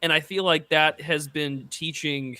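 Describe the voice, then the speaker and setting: Bright-voiced sardonic male podcast host. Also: a little high, steady tone, measured pace, no echo. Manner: sardonic, joking, rambling. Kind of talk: casual chat.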